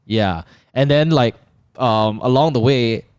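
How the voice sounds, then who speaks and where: A young man with a Malaysian English accent hosting a casual chat, animated and given to acting out his own anecdotes. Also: slow, clean tone, no echo, studio quality. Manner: animated, jumps into high put-on voices for anecdotes. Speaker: host.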